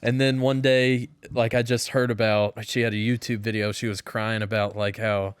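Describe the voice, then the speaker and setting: Smooth-voiced man arguing his point. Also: lowish voice, little pitch movement, normal speed, no echo, clean studio sound. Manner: argumentative storyteller, heavy with "like". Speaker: podcast co-host. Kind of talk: casual chat.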